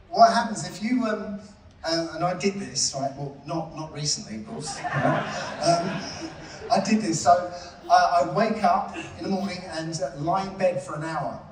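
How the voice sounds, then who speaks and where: A man giving a live conference talk, chatty and often checking in with the audience with "yeah?" and "right?". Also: fairly high pitch. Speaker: conference presenter. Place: conference hall. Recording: echoey hall from far off.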